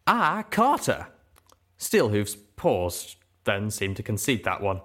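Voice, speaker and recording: A man narrating a story in an expressive storytelling manner. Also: on the low side, a little slow. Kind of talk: audiobook narration.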